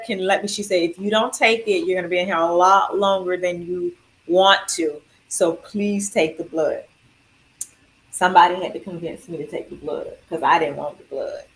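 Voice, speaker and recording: Woman host, casual storytelling, lively quoted dialogue, frequent laughs. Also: fairly low pitch, moderate pace. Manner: animated, acts out quoted dialogue, laughs often. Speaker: cancer survivor sharing her story.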